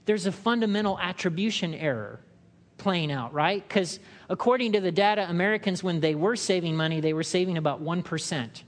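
A man preaching a sermon in a conversational way, acting out quotes in loud, higher voices. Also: normal speed, in a large hall. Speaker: pastor.

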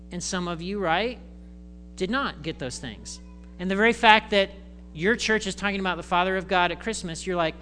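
A male pastor giving a conversational, animated sermon in church, acting out voices. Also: high-pitched, moderate pace, soft background music.

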